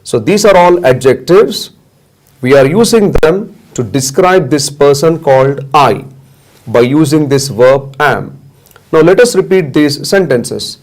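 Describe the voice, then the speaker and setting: A man teaching a basic English lesson, speaking slowly and deliberately and repeating simple sentences for learners to echo. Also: on the high side, expressive, darkish tone. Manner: slow, deliberate, repetitive drilling. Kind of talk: classroom lesson with drills.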